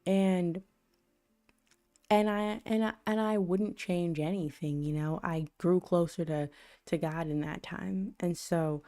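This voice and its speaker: Low, mellow-voiced woman chatting casually. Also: fairly even intonation, slow. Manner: rambling and conversational, full of "you know" and "like"; laughs at her own stories. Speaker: channel host. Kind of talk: casual faith reflection on a livestream.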